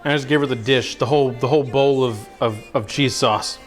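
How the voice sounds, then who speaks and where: A man's voice: medium pitch, brisk, soft background music. A man hosting a cooking livestream from his kitchen, chatting casually and self-mockingly and cooing at his dog. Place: home kitchen.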